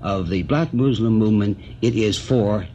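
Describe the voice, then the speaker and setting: A man's voice: fairly low pitch, normal speed, mellow. A man moderating a televised panel debate, speaking formally and pressing guests with repeated questions. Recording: dull lo-fi archival broadcast with faint hiss.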